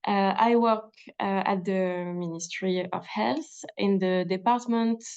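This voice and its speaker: A woman with a French accent giving a webinar presentation as a government official, measured, with frequent hesitations and restarts. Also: medium pitch, steady tone, a little mellow, highs cut off. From France.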